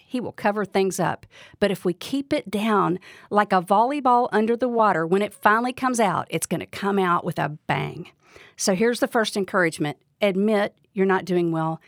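A woman's voice: medium pitch, no echo, studio quality. A woman giving a devotional Bible teaching, speaking earnestly and asking the listener direct questions.

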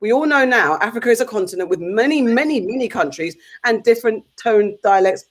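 A woman in a casual group chat, impassioned and halting, often restarting her sentences. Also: fairly high pitch, expressive. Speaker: podcast co-host.

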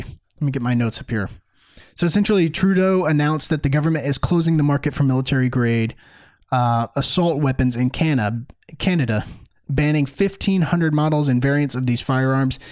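A man hosting opinionated political commentary in a sarcastic, emphatic way. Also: mid-range voice. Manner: sarcastic, mocking; animated, emphatic.

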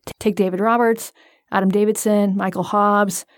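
A woman's voice: mid-range voice, little pitch movement, moderate pace, dry recording. A woman co-hosting a podcast, telling a story in a dry, joking, casual way. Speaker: podcast co-host.

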